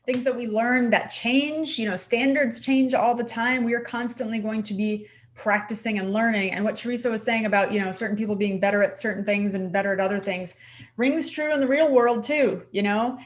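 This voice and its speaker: A woman co-host chats on a podcast with lively, encouraging energy. She speaks casually and often fills her sentences with "like". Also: a little high, a little fast. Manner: animated, encouraging, says "like" often. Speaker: podcast co-host, dental hygienist. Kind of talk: casual chat.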